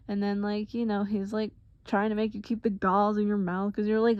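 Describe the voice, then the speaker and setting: A woman's voice: medium pitch, normal speed, dry recording. Chatty woman narrating, full of fillers. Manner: chatty, lots of 'like' fillers, animated. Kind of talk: casual storytelling. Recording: dull lo-fi recording.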